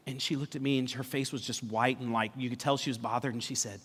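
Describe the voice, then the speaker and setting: Man, 40s, pastor, animated storyteller, dry sarcasm, crisp bright tone, long church reverb. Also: medium pitch, brisk. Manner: animated storyteller, acts out quoted family members, dry sarcasm. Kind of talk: humorous personal story in a sermon. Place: church auditorium.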